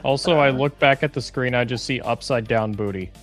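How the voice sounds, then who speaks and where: A man's voice: medium pitch, fairly quick, a bit bright, faint music behind. A man on an online panel, making short wry comments in casual chat.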